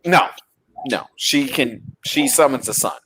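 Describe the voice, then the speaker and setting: A man in a casual film-chat, co-hosting with a teasing, rambling manner. His voice sits at a middling pitch. He drifts through side remarks as he talks. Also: measured pace, fairly bright tone, slightly rough. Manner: chatty, teasing, rambling asides. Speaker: podcast co-host. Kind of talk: casual chat about films and shows.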